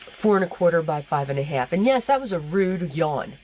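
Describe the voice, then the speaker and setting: A woman's voice: low voice, very animated, brisk, warm tone, slight background noise, rough recording. A woman host chatting through a craft tutorial voice-over, rambling and self-deprecating with lots of fillers. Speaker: card-making channel host. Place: home craft room. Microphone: voice-over recorded at a desk.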